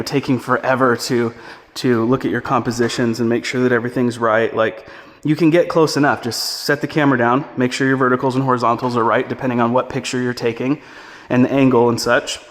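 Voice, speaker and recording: A man giving a relaxed, chatty on-location tutorial, talking through each step while he walks through a house. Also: mid-range voice. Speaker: real estate photography instructor. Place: indoors walking through a house.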